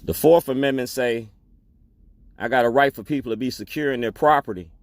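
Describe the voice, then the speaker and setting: A man's voice: medium pitch, fairly quick. A man giving a defiant public testimony as an activist, repeating himself and calling people out. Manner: defiant, declaiming, repetitive.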